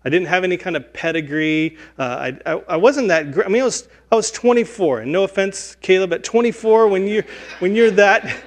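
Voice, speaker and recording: An earnest pastor in his forties preaches in a church with a slightly raised pitch. He talks conversationally and pokes fun at himself between prayer and scripture. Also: expressive, a little fast. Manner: earnest, conversational, self-deprecating. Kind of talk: sermon. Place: church sanctuary.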